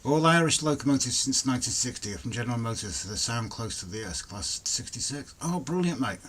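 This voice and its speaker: A man hosting a relaxed home livestream, chatting casually and greeting viewers by name. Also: medium pitch, fairly quick, breathy edge. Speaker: livestream host. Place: home, indoors.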